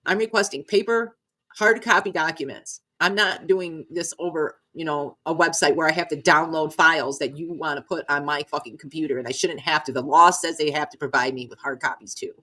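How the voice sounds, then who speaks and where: A woman's voice: sits low, brisk, sharp tone. A middle-aged woman vlogging a frustrated rant, swearing and repeating herself, choked up at times. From Nevada.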